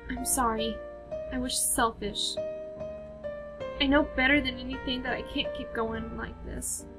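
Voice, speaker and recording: Brief: a woman voicing a grieving young woman from a horror game, high, hushed and pleading, clear game music underneath. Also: steady tone, unhurried. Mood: remorseful.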